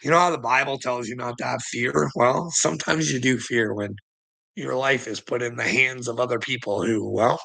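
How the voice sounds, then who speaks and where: A man's voice: medium pitch, fairly even intonation, normal speed, gravelly, pushed and bright, poor audio. A man in a casual, rambling monologue, swearing often and laughing between thoughts. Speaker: vlogger.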